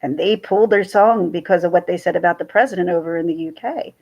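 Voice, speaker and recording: A woman's voice: fairly low pitch, fast talker, darkish tone, dull audio. A woman, rambling chattily to her chat while hosting a casual livestream. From central New Jersey. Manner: rambling and chatty, jumps between stories. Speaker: livestream host.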